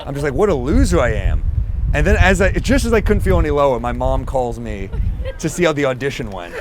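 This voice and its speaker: A man, a stand-up comedian telling a long, self-deprecating story in an animated way. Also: mid-range voice, brisk, background noise.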